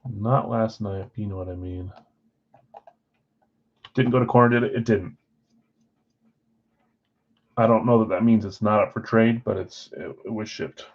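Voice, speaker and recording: A man's voice: lowish voice, fairly even intonation, unhurried, pauses often, lo-fi sound. A man hosting a live sports card break, casually rattling off player names and who got which spot.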